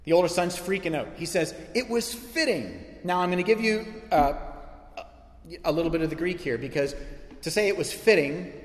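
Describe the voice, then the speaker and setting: A man's voice: high voice, expressive, moderate pace, echoey room, big-room sound. A man preaching a sermon as pastor, emphatic and repetitive, building in intensity.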